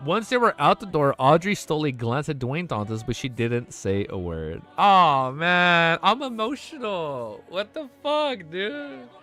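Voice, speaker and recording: A man's voice: fairly high pitch, big pitch swings, a little slow, hardly any pauses, pushed and bright, soft background music. A young man streaming, reading a novel aloud and breaking off to react emotionally, casual and swearing.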